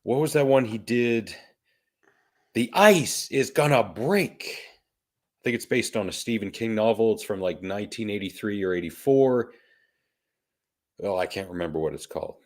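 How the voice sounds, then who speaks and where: A man's voice: lowish voice, moderate pace, long pauses. A man co-hosting a podcast, chatting in an easygoing, rambling way and telling stories. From Canada. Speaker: podcast co-host. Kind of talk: casual podcast chat.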